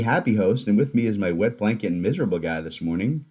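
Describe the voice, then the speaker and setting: A man's voice: mid-range voice, animated, fast talker, a little mellow, soft background music. A man hosting a podcast, chatting casually in a joking, blunt way. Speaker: podcast host.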